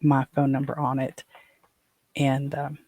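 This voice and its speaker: A man's voice: medium pitch, completely flat delivery, measured pace, a little mellow, dry recording. An older man hosting his own show, telling a personal story in a rambling way, with frequent restarts and fillers. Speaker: podcast host.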